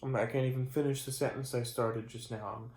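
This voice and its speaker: A man's voice: mid-range voice, fairly even intonation, a little fast, darkish tone. A tired young man in his channel vlog, rambling through a mock-serious rant late at night and trailing off mid-sentence. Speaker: channel host. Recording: roomy echo.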